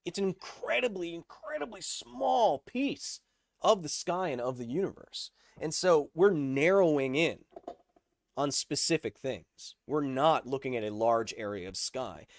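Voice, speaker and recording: On a livestream, a male host with a rather high, animated voice explains science casually at an unhurried pace. He reads chat aloud and answers with jokes, and the audio is dry with no echo.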